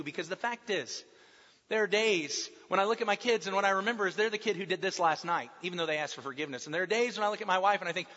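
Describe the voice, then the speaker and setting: A man delivers a sermon from the pulpit in a high, bright voice. He presses hard on his main points and falls soft and slow when he quotes. The sound is dull and muffled, with a long echo around a large hall. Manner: emphatic, drops soft and slow for quoted lines. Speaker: pastor.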